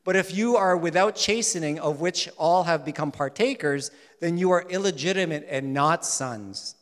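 Animated preacher man in a reverberant hall. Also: fairly high pitch, normal speed. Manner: animated, swings from loud emphasis to soft asides. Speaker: pastor. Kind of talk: sermon.

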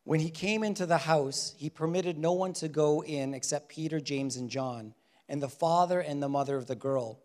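A man with a somewhat high voice teaches from scripture in an animated sermon. He keeps it conversational and often acts out the people he quotes. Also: moderate pace. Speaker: preacher.

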